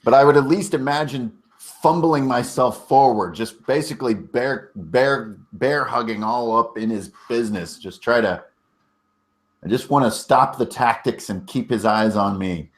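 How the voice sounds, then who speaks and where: A man's voice: medium pitch, measured pace. Jokey man playing a tabletop game. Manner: jokey, blunt, swears casually. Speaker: player. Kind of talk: casual tabletop play.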